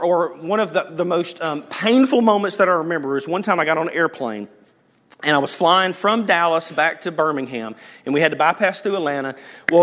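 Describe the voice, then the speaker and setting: Lively high-pitched preacher in a hall. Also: male voice. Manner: animated storytelling preacher, swinging from hushed to loud. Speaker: pastor. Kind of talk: sermon. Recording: long reverb of a large hall.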